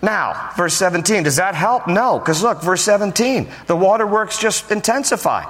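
A male pastor preaching a sermon, telling a story in a humorous, animated way. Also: high voice, normal speed. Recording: long reverb of a large hall.

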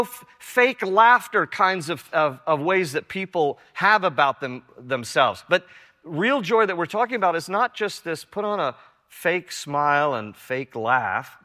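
Preaching with a sharp tone in a somewhat high voice, an older pastor delivers an earnest, emphatic sermon that circles back to repeat key lines. The recording carries a long reverb from the hall.

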